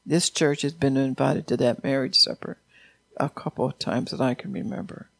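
A man preaching a sermon in a church, reading scripture and prophetic words with earnest emphasis and growing louder when he quotes God. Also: mid-range voice, steady tone, moderate pace, creaky, no room sound. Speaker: pastor.

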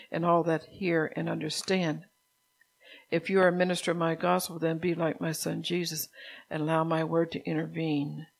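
An older woman pastor preaching a sermon in a soft, unhurried way, stopping now and then to correct herself. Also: lowish voice, gravelly, breathy edge.

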